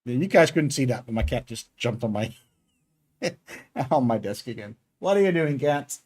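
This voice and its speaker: A man's voice: mid-range voice, animated, moderate pace, darkish tone. A man streaming his game development work, chatting casually and thinking aloud with many fillers. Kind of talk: casual live coding stream.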